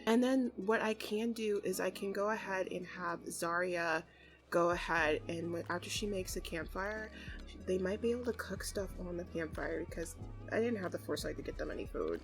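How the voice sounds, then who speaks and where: A young woman giving casual gameplay commentary as a let's play host, bubbly and excitable, often laughing and squealing. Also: fairly low pitch.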